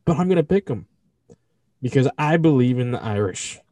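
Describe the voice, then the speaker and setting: Animated, swearing podcast co-host man. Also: medium pitch, moderate pace, dry recording, clean studio sound. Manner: animated, profane, jokey. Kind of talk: casual podcast chat.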